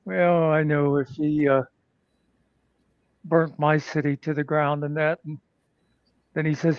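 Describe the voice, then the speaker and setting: A man talking casually on a livestream, meandering through crude jokes and old stories. His voice sits slightly high. The sound is dry and dull, as if from a cheap mic. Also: flat delivery, measured pace, long pauses, no room sound. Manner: rambling joke-teller, crude. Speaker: livestream co-host. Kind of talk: casual chat.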